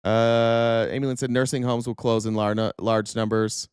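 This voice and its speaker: A man's voice: medium pitch, level tone, moderate pace, darkish tone, smooth, no room sound, clean studio sound. A man in his thirties from the United States, hosting a live-stream and ranting angrily with profanity. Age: 30s. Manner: angry, profane, repetitive. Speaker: show host. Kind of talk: live-stream political rant.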